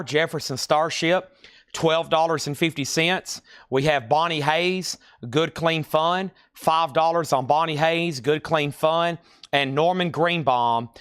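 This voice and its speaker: A man with a rural American country accent, hosting a live-stream record sale and calling out titles and prices in brisk patter with dry, joking asides. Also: on the high side, fairly bright tone, dry recording. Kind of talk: live auction sales patter.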